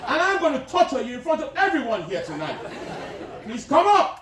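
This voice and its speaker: A man's voice: extremely high pitch, wildly swooping pitch, a little fast, background noise, exaggerated voice. A man performing live stand-up as a pompous, crude, self-styled dictator president, teasing the audience in a large theater. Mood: boastful. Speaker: stand-up comedian. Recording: echoey theater from a distant mic, loud crowd.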